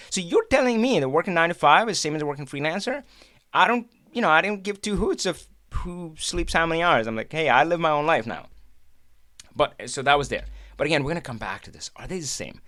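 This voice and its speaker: A man hosting a live stream, telling stories from his old job in a chatty, animated way, with many restarts and laughs. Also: high-pitched, no echo, clean studio sound. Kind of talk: casual live-stream storytelling.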